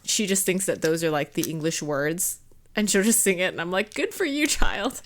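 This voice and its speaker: A woman's voice: on the low side, a little fast. A woman co-hosting a podcast in a casual chat, talking loosely with lots of "like" and frequent laughs. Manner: chatty, frequent "like", laughs often. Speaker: podcast co-host.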